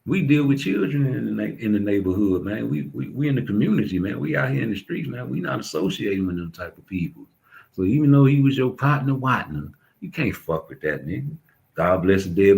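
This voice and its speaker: A man's voice: lowish voice, creaky, poor audio. A young adult man, ranting bluntly and profanely in street slang as a commentator. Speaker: YouTube commentator. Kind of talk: casual ranting monologue.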